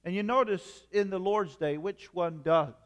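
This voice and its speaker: A man preaching a sermon as a pastor, measured, with emphatic repetition. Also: high-pitched, in a large hall.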